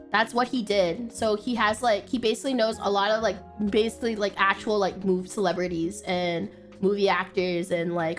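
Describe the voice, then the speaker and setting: A young woman VTuber telling a story on stream in a casual, chatty way, full of fillers and bursts of excited shrieking. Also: mid-range voice. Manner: animated, laughs and shrieks when excited; frequent fillers like "like" and "um".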